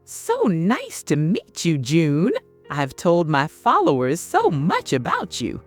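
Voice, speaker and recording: A woman voicing a fake, gushing young female influencer with a high, sugary voice, in a narrated story. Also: wildly swooping pitch, takes it slowly, no echo, soft background music, exaggerated voice. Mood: syrupy. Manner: gushing, performing for a camera.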